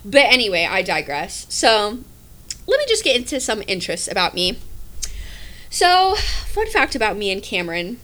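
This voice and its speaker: A woman in her twenties hosting a casual solo podcast, talking in animated, rambling asides and swearing freely. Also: mid-range voice, normal speed. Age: 20s. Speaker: podcast host.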